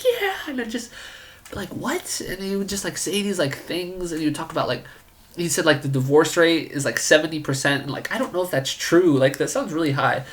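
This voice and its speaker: A man's voice: a little high, a bit bright. A man telling a comedic story in a rambling, incredulous way, full of filler words.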